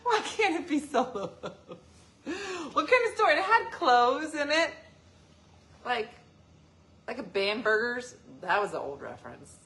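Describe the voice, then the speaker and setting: A woman's voice: a little high, big pitch swings, unhurried, long pauses, fairly bright tone. A woman hosting a casual live stream, joking and teasing as she answers viewer comments. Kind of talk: casual chat.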